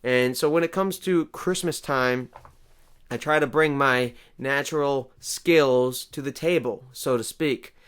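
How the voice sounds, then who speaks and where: A man with a smooth, clear voice of middling pitch rambles through a deadpan comic monologue. He boasts about himself with mock self-importance and wanders off on absurd tangents. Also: unhurried. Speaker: comedy show host.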